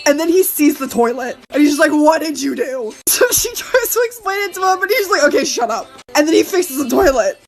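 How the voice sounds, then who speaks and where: A woman telling a casual storytime in an animated, giggly way. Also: extremely high pitch, quick pace, hardly any pauses.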